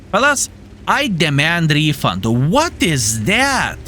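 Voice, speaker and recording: Young streamer, bright tone, lively playful gameplay commentary. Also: male voice, a little high, measured pace, slight background noise. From Lithuania. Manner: playful, jokey, addresses viewers as fellas. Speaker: gaming streamer.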